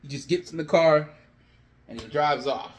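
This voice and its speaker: A man's voice: on the high side, moderate pace. A man casually narrating an imagined wrestling storyline, rambling and talking straight to his viewers. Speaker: wrestling fan vlogger. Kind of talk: rambling fan booking commentary.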